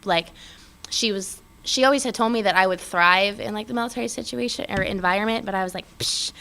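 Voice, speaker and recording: A young woman in casual interview chat, talking fast and loose with many fillers. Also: medium pitch, creaky. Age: young adult. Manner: chatty, many fillers, animated when quoting others. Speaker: guest, airman.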